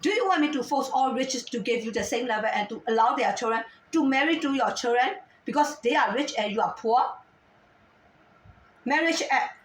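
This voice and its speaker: A high-pitched woman rants and scolds at length, throwing out question after question in halting non-native English. She sounds a little far from the mic, and her voice carries the echo of a roomy space. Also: animated, a little hiss or hum. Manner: agitated, scolding, repeated rhetorical questions. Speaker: vlogger. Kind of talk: ranting monologue to camera.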